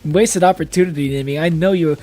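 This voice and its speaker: A high-voiced man chatting on a live stream, a little tipsy and giggling between sentences. He laughs easily and swears without a second thought. Faint music plays quietly behind him. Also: a little fast. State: tipsy from drinking. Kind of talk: casual live-stream chat.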